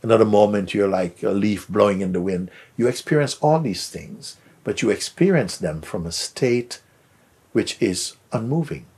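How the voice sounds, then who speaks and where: A man with a husky, lowish voice and lively intonation gives a soft, unhurried spiritual talk, answering a question as a teacher. He often fades into a whisper and gently repeats words to stress them.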